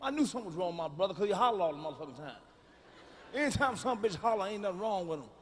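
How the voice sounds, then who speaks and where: Loud, profane man doing stand-up in a hall. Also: high voice, big pitch swings, very fast. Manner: loud, profane, hollering bursts. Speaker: stand-up comedian. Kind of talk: stand-up comedy set. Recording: live hall reverb with faint room noise.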